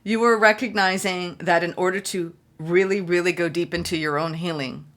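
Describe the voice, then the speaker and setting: A woman giving a solo tarot reading, excitable and gushing, repeating phrases for emphasis. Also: fairly low pitch, normal speed. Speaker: tarot reader.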